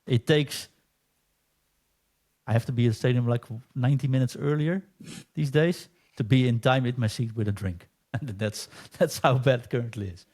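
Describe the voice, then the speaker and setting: A man from the Netherlands co-hosts a casual podcast and speaks in a middle register. He tells lively anecdotes and acts out the lines of the people in them. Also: medium pitch, normal speed. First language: Dutch. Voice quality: chatty storyteller, acts out quoted exchanges. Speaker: podcast co-host. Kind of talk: casual chat.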